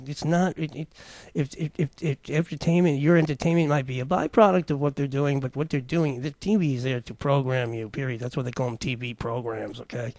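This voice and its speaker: A man's voice: fairly high pitch, dark tone, no echo. A man hosting a talk show, commenting casually on clips and rambling with many fillers and restarts.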